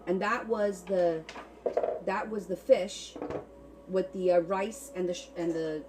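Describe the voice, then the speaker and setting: A woman's voice: fairly low pitch, fairly even intonation, slow pace, recorded from a distance, background noise. A woman hosting a casual craft livestream from her kitchen, chatting and rambling through stories as she goes. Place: home kitchen.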